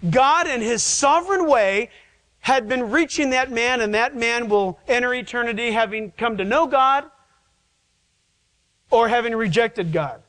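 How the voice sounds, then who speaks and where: A man's voice: very high voice, fairly bright tone, rough recording. A male pastor preaching a sermon in a church, pleading and emphatic, with rhetorical questions to the congregation.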